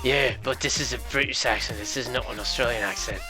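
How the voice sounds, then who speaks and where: A man's voice: mid-range voice, quick pace, bright, forceful tone, soft background music. A man casting a game tournament, chatting casually and rambling through joking stories. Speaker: esports caster. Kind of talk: casual chat.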